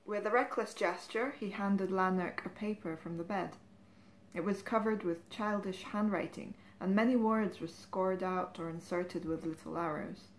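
A woman reading from a novel aloud in a measured, even narrating voice. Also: mid-range voice, a little hiss or hum. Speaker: reader.

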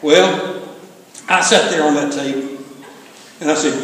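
A man's voice: a little high, normal speed, pauses often, fairly bright tone. An older man preaching a sermon in a folksy, humorous storytelling way. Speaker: pastor. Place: church sanctuary. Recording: echoey hall from far off, faint hiss.

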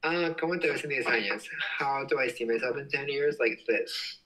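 A man's voice: medium pitch, a little fast, sharp tone, recorded from a distance, rough recording. A young man hosting a casual livestream at home, reading comments and rambling with lots of giggles. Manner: giggly, rambling, frequent laughs. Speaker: livestream host.

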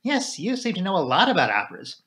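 A man's voice: sits high, huge pitch swings, quick pace, bright, forceful tone, voice pushed up, exaggerated voice. A man voicing an impulsive, spirited young woman who speaks in eager bursts. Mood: cool resentful.

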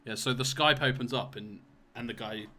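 A man's voice: mid-range voice, moderate pace, a crowd in the background. A man narrating a tabletop role-playing game as game master, talking loosely with lots of fillers. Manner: loose, rambling, full of fillers.

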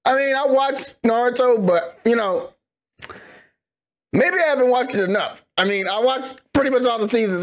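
A man's voice: very high-pitched, moderate pace. A young man hosting a reaction video, chatting casually in a rambling, slangy way with laughing asides. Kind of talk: casual chat.

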